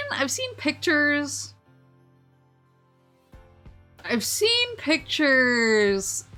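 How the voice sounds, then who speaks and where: A woman's voice: mid-range voice, sharp tone. A young woman streaming a casual chat, giggling often and rambling with lots of restarts. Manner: giggly, rambling, self-interrupting. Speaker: vtuber streamer.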